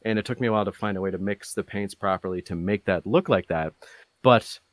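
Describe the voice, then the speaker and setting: A man chatting casually about his hobby, rambling with many fillers and restarts, getting animated as he goes. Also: lowish voice, fast, dry recording. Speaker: podcast guest. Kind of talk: casual chat.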